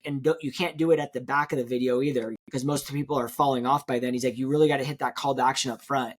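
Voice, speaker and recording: A man in an interview, rattling through a story from his real estate career at a quick clip. His voice sits at an average pitch for a man, and he slips into the people he quotes as he goes. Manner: fast, animated storytelling, acts out quotes. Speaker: real estate agent, guest.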